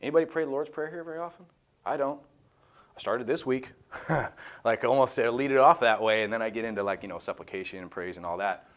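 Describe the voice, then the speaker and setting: A man's voice: medium pitch, fast. A man leading a small group Bible study, casual and jokey, cutting in with blunt comments. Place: room with a small group, streamed live.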